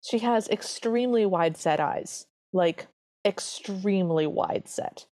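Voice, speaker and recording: Woman cohost talking earnestly about a cartoon, mid pitch, dry close mic. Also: slow, mellow, no echo. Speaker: podcast co-host. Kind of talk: casual chat reviewing a cartoon.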